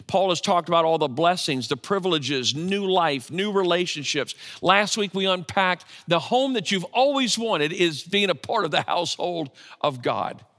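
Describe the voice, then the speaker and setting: A man preaches a conversational sermon, often turning to the congregation with questions. His voice sits a little high and bright. It carries with a long reverb, as in a large church hall. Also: expressive, normal speed, hardly any pauses. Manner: conversational, asks the audience questions. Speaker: pastor.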